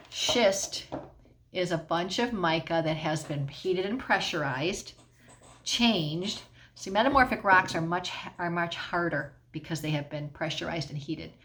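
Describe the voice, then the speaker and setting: A woman's voice: on the low side, fairly bright tone, slight background noise. A middle-aged woman teacher explaining a science lesson at home in a patient way, often checking in with the class.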